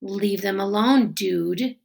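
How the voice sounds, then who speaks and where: A woman reading aloud and voicing a calm, brave schoolboy who speaks firmly. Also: mid-range voice, a little slow, close to an everyday voice. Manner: calm and firm.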